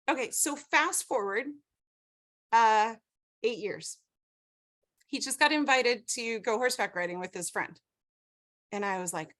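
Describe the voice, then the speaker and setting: High-voiced woman telling a story to a class. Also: measured pace, pauses often. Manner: storytelling, animated, asks the group questions. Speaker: class instructor. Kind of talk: teaching a class over video call. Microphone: video call.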